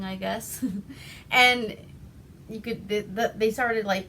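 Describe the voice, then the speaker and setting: A woman's voice: fairly low pitch, a bit bright, a little hiss or hum. A woman from Alaska recapping an old movie in a rambling, foul-mouthed, laughing way. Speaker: movie reviewer. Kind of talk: casual profane movie recap.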